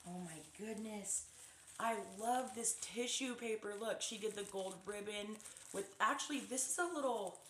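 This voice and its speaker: Excitable woman gushing over gifts on her phone cam, echoey room. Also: mid-range voice, moderate pace, slight background noise. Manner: gushing, excitable, lots of exclamations. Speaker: vlogger opening fan mail. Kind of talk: casual unboxing chat to camera. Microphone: phone camera.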